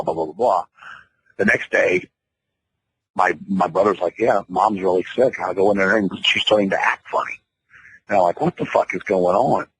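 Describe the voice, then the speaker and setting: Deep, bright-toned man telling a story. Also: poor audio. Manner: profane, rambling, quotes others in his own voice. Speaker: band member guest. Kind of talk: storytelling in a radio interview.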